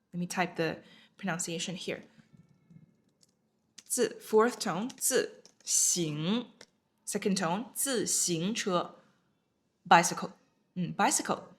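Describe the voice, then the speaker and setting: A woman's voice: mid-range voice, a bit bright. A woman teaching a beginner Chinese class, patiently repeating each word and checking in with her learners. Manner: patient, repeats words slowly. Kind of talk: language lesson.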